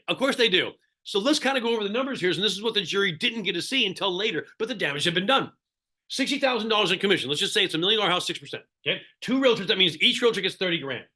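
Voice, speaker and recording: High-pitched guy with a bright edge, sarcastic real estate coach asking the group questions over a video call. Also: fast talker. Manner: animated, sarcastic, asks the audience questions. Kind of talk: live online seminar talk.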